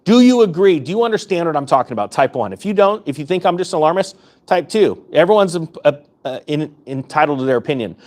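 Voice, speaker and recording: A man delivers impassioned commentary straight to his viewers, his voice sitting on the higher side. He sounds fired up and urgent, hammering home his points by repeating them. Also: animated, fast, darkish tone. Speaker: finance YouTuber. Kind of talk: impassioned direct-to-camera commentary.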